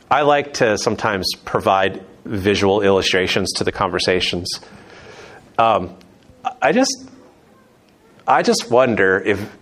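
A man's voice: on the low side, fairly bright tone. A man leading a conversational Bible teaching, chatty, with joking asides and restarts.

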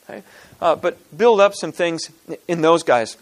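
A man giving an informal teaching talk to a group, with halting restarts, frequent throat clearing and pointed rhetorical questions. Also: on the high side, animated. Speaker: speaker at a church teaching session.

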